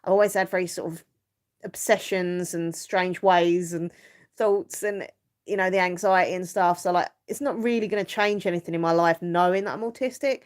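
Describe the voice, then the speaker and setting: A middle-aged woman talks casually to her live stream viewers. Her voice sits a little low, and she rambles along with plenty of fillers and easy laughter. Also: fairly even intonation, moderate pace. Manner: chatty and rambling, many fillers, laughs easily. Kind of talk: casual chat.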